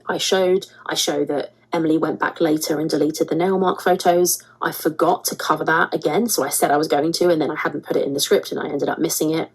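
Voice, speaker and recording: A woman host walks through a scripted commentary. Her voice sits low with a husky edge, and she hammers points home by repeating words. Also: low-quality recording. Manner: emphatic, repeats words for stress.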